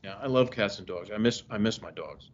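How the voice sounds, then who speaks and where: Man, podcast guest, animated storyteller, lo-fi audio. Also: fairly low pitch, a little fast. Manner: animated storyteller, acts out quoted voices. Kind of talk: casual chat. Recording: dull lo-fi audio.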